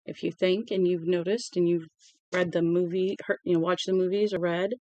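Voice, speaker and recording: An amateur audiobook reader giving a casual read-aloud with chatty asides, stumbling on words and correcting them out loud. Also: medium pitch, level tone, moderate pace, no room sound, muffled recording. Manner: conversational and unpolished.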